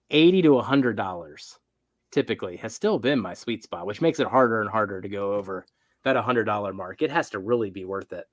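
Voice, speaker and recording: A man hosting a casual live chat, asking questions and musing aloud. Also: mid-range voice. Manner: conversational, asks guests questions. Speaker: host.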